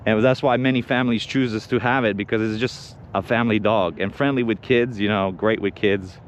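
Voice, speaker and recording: A man's voice: fairly low pitch, fairly even intonation, brisk, slight background noise. A man chatting casually on an outdoor livestream while training his dog, rambling with restarts and giving short firm commands. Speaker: dog owner and co-host. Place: outdoors in a park.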